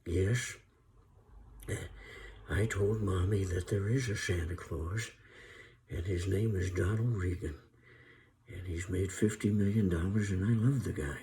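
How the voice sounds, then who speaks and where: A man's voice: low voice, a little slow, pauses often, mellow, slight background noise. A man impersonating a folksy, rambling older president.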